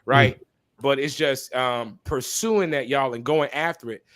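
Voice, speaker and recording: A man's voice: medium pitch, a little slow, fairly bright tone. Male minister as podcast guest: candid, passionate, preacher cadence with repeated phrases, mid-range voice. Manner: apologetic asides to listeners. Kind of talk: candid conversational testimony.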